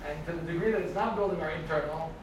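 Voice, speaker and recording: A man's voice: fairly high pitch, quick pace. A man in a conversational discussion, agreeably summarizing the point. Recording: distant, echoey with background noise.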